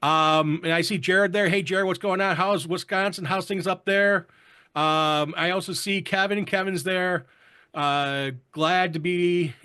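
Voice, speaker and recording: A man's voice: fairly high pitch, bright, forceful tone, clean tone. A man hosting a casual online roundtable, chatting and greeting viewers from the chat. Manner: chatty, reads viewer comments aloud. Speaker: show host.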